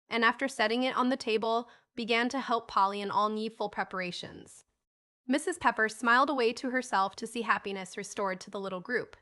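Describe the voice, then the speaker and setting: A woman narrating an audiobook of a classic story in an expressive, lively reading. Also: fairly high pitch. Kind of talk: scripted narration.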